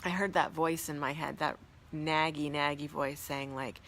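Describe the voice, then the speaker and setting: Awed woman telling a story, low voice. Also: fairly even intonation, normal speed, fairly bright tone, slight background noise. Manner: earnest, awed, reverent. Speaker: spiritual teacher hosting a live stream. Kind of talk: casual storytelling to viewers.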